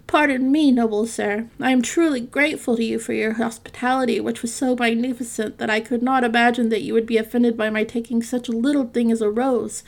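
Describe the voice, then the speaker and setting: A woman's voice: fairly high pitch, fairly even intonation, brisk, creaky, few pauses. A woman voicing a frightened, humble older merchant who begs for pardon in a storybook reading. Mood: pleading. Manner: pleading, humble.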